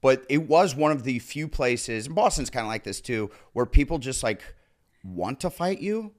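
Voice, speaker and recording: A man's voice: mid-range voice, lively intonation, normal speed. A middle-aged man from Nebraska, a podcast guest in casual chat, who acts out the voices of people in his stories.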